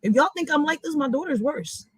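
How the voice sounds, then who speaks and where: A woman's voice: high voice, fairly quick, no room sound, poor audio. A woman giving casual reaction commentary, telling stories in a blunt, profane and emphatic way. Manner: animated, emphatic. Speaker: reaction vlogger.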